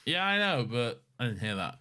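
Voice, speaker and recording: A man co-hosting a podcast in casual chat, animated and sweary, paraphrasing scenes in quick mock voices. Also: mid-range voice, clean tone. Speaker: podcast co-host.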